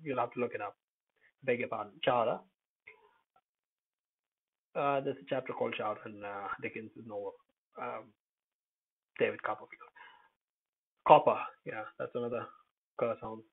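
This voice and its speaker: A man teaching English pronunciation in a relaxed lesson, calling out single words loudly and explaining them with hesitant pauses. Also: mid-range voice, husky. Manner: hesitant, many uh fillers, thinks aloud. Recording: tinny phone-quality recording.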